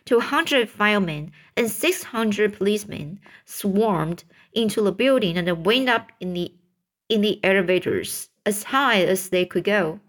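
A woman reading a children's book aloud, stumbling and restarting on words, lifting her voice for the characters' shouts. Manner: slow, halting read-aloud with stumbles and restarts; raises pitch for characters' shouted lines. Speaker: reader.

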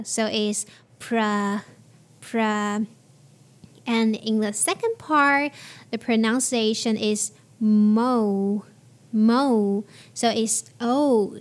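A woman hosting a pronunciation lesson, spelling out letters and repeating each word slowly and clearly. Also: fairly high pitch. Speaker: pronunciation teacher and host. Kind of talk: slow, careful pronunciation lesson.

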